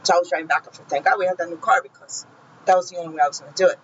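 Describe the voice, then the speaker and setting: A woman's voice: on the low side, fairly even intonation, very fast, highs cut off, slight background noise. A woman telling her own painful story in a vlog, heated and profane, speaking with raw feeling. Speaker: vlogger recounting her own experience. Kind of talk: emotional personal storytelling.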